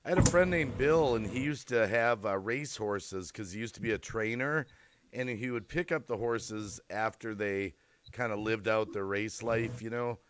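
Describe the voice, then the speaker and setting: A man hosting a casual livestream chat, telling animated stories and often laughing through them. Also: lowish voice, moderate pace, a little hiss or hum. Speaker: livestream host.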